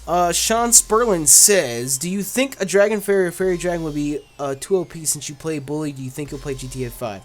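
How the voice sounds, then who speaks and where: A man hosting a casual gaming channel, answering viewer questions in a laid-back, blunt way with lots of fillers. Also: a little high. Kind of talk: casual Q&A chat.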